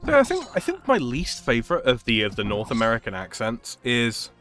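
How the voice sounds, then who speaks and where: A man's voice: medium pitch, wildly swooping pitch, brisk, fairly bright tone, soft background music. Man chatting casually on a game stream. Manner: rambling, opinionated, restarts his sentences. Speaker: streamer host. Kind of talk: casual chat while gaming.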